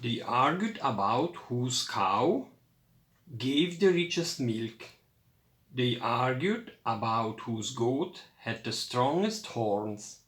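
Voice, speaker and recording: A man reading a children's picture book aloud in a lively storytelling voice. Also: medium pitch, slow pace, roomy sound.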